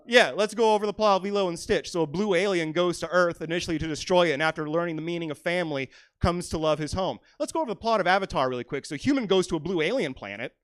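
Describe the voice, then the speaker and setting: A young man doing a stand-up set in a small comedy theater, brash and profane, swinging between loud rants and muttered asides. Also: sits high, smooth, no room sound. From California. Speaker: stand-up comic.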